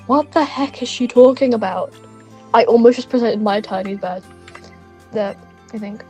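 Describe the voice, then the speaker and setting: A woman's voice: fairly high pitch, normal speed, pauses often, darkish tone, soft background music. Young woman joking through a game playthrough. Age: teens or young adult. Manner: chatty, jokey, swears in asides. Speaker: gaming video creator. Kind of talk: casual game playthrough with dialogue read aloud.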